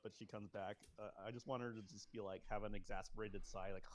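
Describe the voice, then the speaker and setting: A man chatting on a livestream, excitable, often stumbling over his first words. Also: fairly low pitch, quick pace, few pauses. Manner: excitable, stammering restarts. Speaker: livestream co-host. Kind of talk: casual chat.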